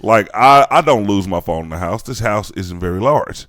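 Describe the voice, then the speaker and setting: A man's voice: on the low side, animated, moderate pace, a bit bright, no room sound. A man co-hosting a podcast in casual chat, laughing and swearing freely. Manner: laughing, profane banter. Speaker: podcast host.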